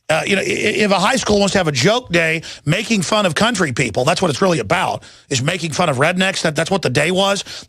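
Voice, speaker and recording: Talk radio host, man: high gravelly voice, ranting and sarcastic, dry studio sound. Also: a bit bright, dry recording. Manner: ranting, sarcastic, frequent restarts and pitch jumps. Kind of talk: animated political monologue.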